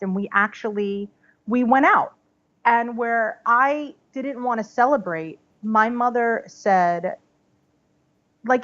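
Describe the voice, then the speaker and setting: A woman in her thirties, a podcast guest telling a personal story in a chatty, animated way, full of "like" and "you know". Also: medium pitch. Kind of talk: casual storytelling interview. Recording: slightly dull podcast audio.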